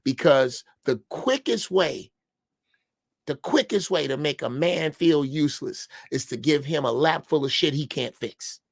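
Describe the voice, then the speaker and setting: A man's voice: on the high side, lively intonation, measured pace, vocal fry, dry recording, clean studio sound. A man in his sixties from Chicago, telling a story on a podcast in a blunt, profane way. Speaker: podcast panelist. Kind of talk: casual chat.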